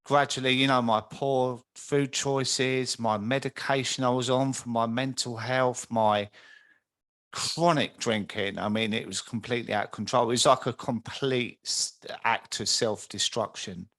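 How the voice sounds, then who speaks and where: A man's voice: mid-range voice, steady tone, a little slow, a bit bright. A man hosting a podcast, chatting in an empathetic way. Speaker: podcast host. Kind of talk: conversational interview.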